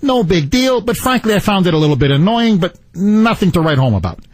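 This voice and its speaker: Radio host guy telling a story, husky voice, bouncy pitch. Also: fairly quick, no echo. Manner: animated storytelling, acts out quotes. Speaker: radio talk show host. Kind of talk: talk radio monologue and call-in.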